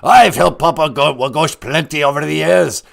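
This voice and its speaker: A man's voice: fairly high pitch, normal speed, vocal fry, fairly bright tone, voice pushed up. A man voicing the Great Spirit as a fatherly male elder who sounds like a pirate and calls the listener "my son.". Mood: booming.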